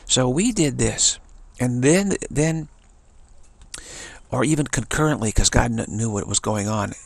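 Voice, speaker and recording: A man's voice: mid-range voice, unhurried, vocal fry, no echo. A man giving an earnest spiritual talk, telling a story and repeating phrases for emphasis. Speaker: spiritual teacher.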